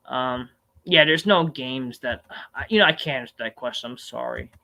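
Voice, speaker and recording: A man hosting a live stream, answering viewer questions in a rambling, profane, animated rant with sudden loud outbursts. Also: mid-range voice, measured pace, vocal fry.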